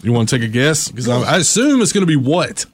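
A man's voice: mid-range voice, very animated, fast, a little hiss or hum. A man, teasing and laughing as host of casual studio banter.

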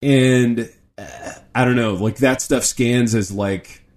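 A middle-aged man co-hosting a podcast in casual chat, animated and joking, often saying "dude". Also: mid-range voice, takes it slowly. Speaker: podcast co-host.

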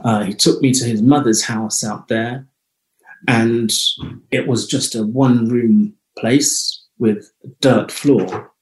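A man speaks as an interview guest, unfolding personal anecdotes in a reflective, unhurried way. His voice sits at an ordinary middle pitch. The recording carries a roomy echo around him. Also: fairly even intonation, a little mellow. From United Kingdom. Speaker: guest, holistic health clinic founder. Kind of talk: conversational interview storytelling.

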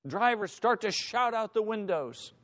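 High-pitched impassioned male preacher. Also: lively intonation, unhurried. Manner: impassioned preacher, acts out shouting voices. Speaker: pastor. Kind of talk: sermon.

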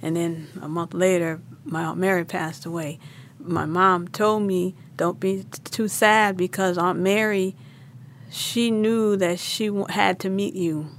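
A woman's voice: on the low side, unhurried, a little hiss or hum. Emotional woman telling her own story. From born in Vietnam, raised in New Orleans. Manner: emotional, animated retelling with laughs and restarts. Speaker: interviewee. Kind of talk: personal storytelling.

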